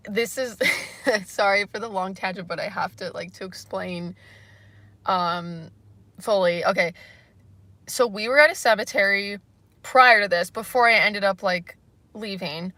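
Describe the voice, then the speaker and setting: A young woman from Canada talks to her livestream chat in a loose, rambling way, laughing often between her thoughts. Her voice is bright and forward, at a middle pitch. The sound is dry and close, with no room echo. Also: a little slow, long pauses. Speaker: livestream host. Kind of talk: casual livestream chat, reading comments.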